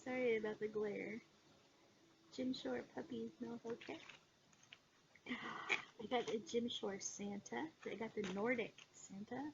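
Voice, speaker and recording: A woman chatting casually in a haul video, gushing with excitement and filling pauses with "um". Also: a little high, vocal fry. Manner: excitable, gushing, many fillers. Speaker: cross-stitch vlogger. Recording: dull lo-fi sound with background noise.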